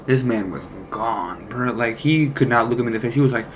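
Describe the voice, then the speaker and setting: A man's voice: medium pitch, brisk, a little hiss or hum. Rambling young man telling a profane story. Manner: rambling and profane, heavy slang fillers. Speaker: former deli worker telling a story. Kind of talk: casual personal storytelling.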